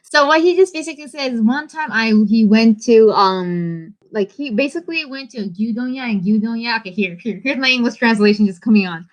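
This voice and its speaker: A woman's voice: on the high side, brisk, hardly any pauses. Bubbly woman livestream host. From United States. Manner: bubbly, chatty, switches between Japanese and English. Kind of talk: casual livestream chat.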